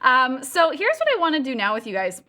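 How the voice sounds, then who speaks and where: A woman's voice: high-pitched, very animated, brisk, bright, forceful tone. A woman teaching a live online singing lesson, upbeat and playful, showing exercises with sung sounds over a video call. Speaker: vocal coach.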